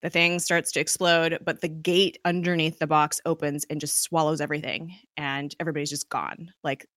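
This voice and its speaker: Chatty woman with a bright, pressed tone. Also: sits low, level tone, normal speed, no echo, studio quality. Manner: chatty, filler-heavy with frequent laughs. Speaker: podcast host recapping a TV episode. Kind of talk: casual episode recap.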